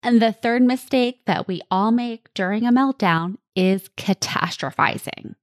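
A woman's voice: on the high side, a little slow, no echo, clean studio sound. A woman hosting a parenting podcast, giving direct and earnest coaching advice to other parents. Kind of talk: advice monologue.

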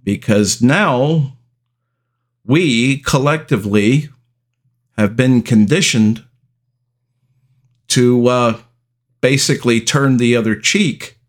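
A middle-aged man with a mid-range voice hosts a podcast, telling a personal story slowly and deliberately with long pauses.

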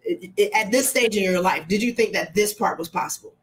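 A woman's voice: medium pitch, brisk, slight background noise. A woman who leads the program and hosts a casual interview. She speaks with emphatic coaching energy and comes back to her key lines for weight. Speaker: program leader, host.

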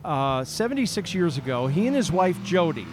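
A man hosting a podcast, chatting casually and telling an animated story, acting out the people he quotes. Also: on the high side, moderate pace. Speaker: podcast host. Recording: outdoor recording with clear background noise.

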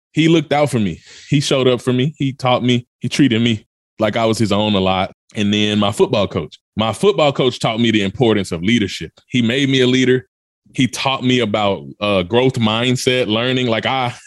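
This podcast guest, a motivational speaker from Memphis, USA, recounts a dramatic piece of his life with urgent, emphatic energy. His voice sits in the mid range, and the studio-quality recording has no room sound.

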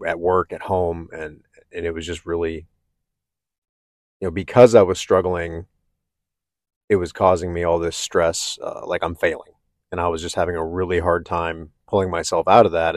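A man talking candidly and haltingly about his own struggles, with many restarts. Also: low voice, no room sound, clean studio sound. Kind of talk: personal reflective talk.

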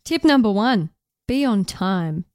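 A young woman, co-hosting a podcast in casual chat, laughing often and saying upbeat words flatly. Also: medium pitch, slow pace, no room sound, studio quality. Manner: chatty, laughs often, deadpan delivery of enthusiastic words. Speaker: podcast co-host.

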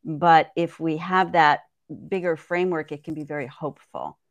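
A woman with a lowish voice talks as a guest on a podcast, laying out her herbal knowledge step by step. She is thoughtful and conversational, tagging her points with "right?". The sound is dry and close. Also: fairly even intonation, moderate pace, no echo. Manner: thoughtful, explanatory, frequent "right?".

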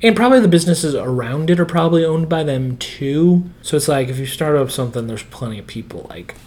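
A man co-hosting a casual TV recap podcast, animated and quick to laugh, slipping into character voices. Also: a little high. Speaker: podcast co-host.

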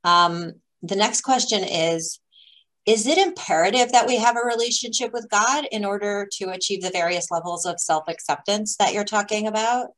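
A woman, a spiritual teacher, speaking in a measured, reflective way as a guest in a conversation. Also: mid-range voice, a bit bright, rough recording. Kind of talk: thoughtful conversation.

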